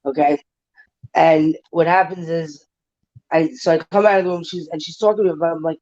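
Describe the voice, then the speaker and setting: A woman's voice: deep voice, fairly even intonation, a little fast, warm tone, muffled recording. A woman hosting a casual livestream chat. She talks bluntly and emotionally and swears freely. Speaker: livestream panel host.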